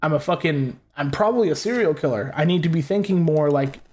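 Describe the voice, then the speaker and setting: A man's voice: on the high side, a little fast, a little mellow, slight background noise. A young man casually commentating on a game he is playing, rambling and swearing freely. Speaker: gaming host. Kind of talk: let's play commentary.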